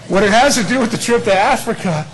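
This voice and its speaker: A man preaching a sermon, conversational and playful, dropping to hushed asides and rising to loud emphatic peaks. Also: high-pitched, poor audio. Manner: chuckles often, conversational and playful. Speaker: pastor.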